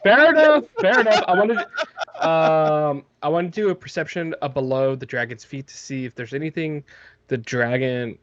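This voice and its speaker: A man's voice: on the high side, animated, moderate pace, a bit bright, lo-fi sound. A man playing in a tabletop game, chatting casually, joking and swearing freely. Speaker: player. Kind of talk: casual chat.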